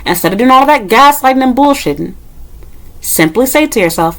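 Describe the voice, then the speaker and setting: A woman's voice: a little high, expressive, a little fast, fairly bright tone, poor audio. A woman vlogger ranting straight to the camera, blunt, sarcastic and full of swearing, her voice jumping up sharply when she makes a point. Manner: blunt, profane and exasperated; sarcastic, with mocking asides. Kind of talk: monologue rant to camera.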